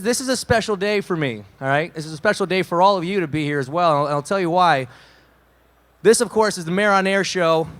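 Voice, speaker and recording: Quick, joking male radio host. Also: high-pitched, fairly bright tone. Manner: joking, self-deprecating, playful with the crowd. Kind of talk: live radio show hosted in front of an audience. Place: live event floor with an audience.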